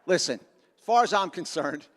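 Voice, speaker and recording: A middle-aged man giving an energetic, self-mocking motivational talk to students at a school assembly. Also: on the high side, moderate pace. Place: large school auditorium. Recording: long auditorium reverb.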